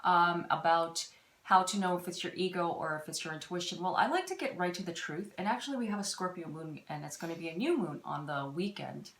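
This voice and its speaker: A woman hosting a live stream, talking gently and rambling about spirituality, with many restarts. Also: fairly low pitch, expressive, a little fast. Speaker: intuitive reader and live-stream host. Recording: roomy echo.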